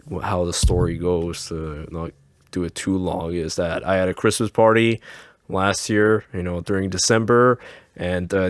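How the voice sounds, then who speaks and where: A man co-hosting a casual podcast chat, voice sitting fairly low. He tells stories animatedly, acts out what people said and laughs often. The sound is dry and close, with no room around it. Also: no room sound. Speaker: podcast co-host.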